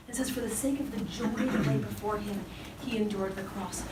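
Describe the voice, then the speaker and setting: Speaking briskly in a medium-pitched voice, a woman gives a faith talk to youth at a Catholic summer program, joking around casually as she preaches. Background noise, an echoey room, and a distant mic mark the recording.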